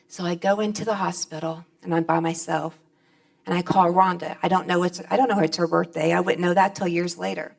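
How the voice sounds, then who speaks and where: A woman's voice: lowish voice, steady tone, brisk, creaky. A middle-aged woman speaking on stage at a convention, giving a plainspoken, folksy personal testimony.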